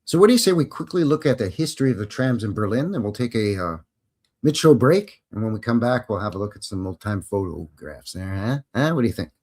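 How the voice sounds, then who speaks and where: A man's voice: on the low side, expressive, a little fast, a little mellow. Guy hosting a live history stream, chatty and joking, voice goes up and down a lot. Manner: chatty, joking, rambling asides. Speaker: host.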